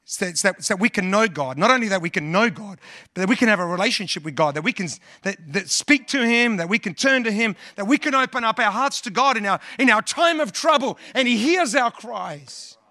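High, bright-voiced preacher. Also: male voice, animated, brisk, no echo, studio quality. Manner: earnest, repeats words, quotes scripture and hymns. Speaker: pastor. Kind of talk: sermon.

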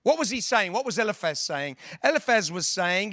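A man's voice: high voice, sing-song, normal speed, few pauses, pushed and bright, dry recording, studio quality. A male preacher giving a sermon in an earnest, conversational way, building long lists and sometimes restarting his sentences.

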